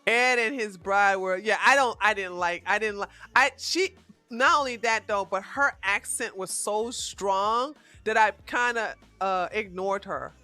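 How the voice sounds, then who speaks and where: With soft music playing behind her, a woman runs a casual livestream, reading viewer comments and chatting openly, with plenty of restarts and laughter. Her medium-pitched voice is a little slow and sharp in tone, and the recording is dry.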